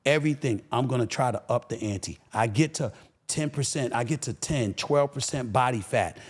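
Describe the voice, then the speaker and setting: A man talking as a podcast guest, an animated, emphatic storyteller who repeats phrases for punch. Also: medium pitch, moderate pace, breathy edge. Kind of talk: casual interview talk.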